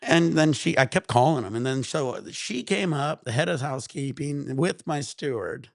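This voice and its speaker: A vlog host rambles through a loose, easygoing chat while high, swearing freely. His gravelly, creaky voice is expressive and moves at a normal speed. The recording is dry and close-miked, with no room sound.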